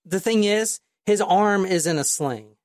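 A woman's voice: mid-range voice, a little slow, a little mellow, no room sound, studio quality. A woman hosting a casual podcast, telling a true crime story in a rambling, profane way with lots of fillers. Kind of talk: casual chat.

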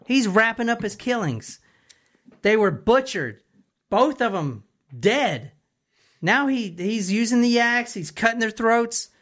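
Woman podcast co-host, lively crime storyteller, casual. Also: fairly high pitch, slow pace. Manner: animated storyteller, building suspense. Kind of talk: casual true crime chat.

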